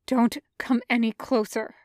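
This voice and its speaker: A woman's voice: on the high side, flat delivery, no room sound, clean studio sound, lightly acted. A woman voicing a starving vampire man who halts and stammers as he fights his hunger. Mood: pleading. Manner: halting, stammering, breathless.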